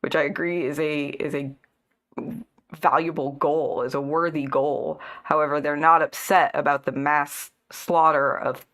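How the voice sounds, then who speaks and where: A woman in a casual political chat, speaking in a measured way and thinking aloud with fillers. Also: low-pitched, fairly even intonation, fairly bright tone.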